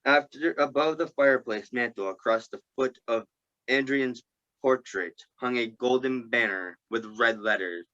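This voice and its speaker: A man reading a novel aloud to a group, halting and stumbling over words and restarting. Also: medium pitch, bright, forceful tone, dull audio. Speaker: group reader.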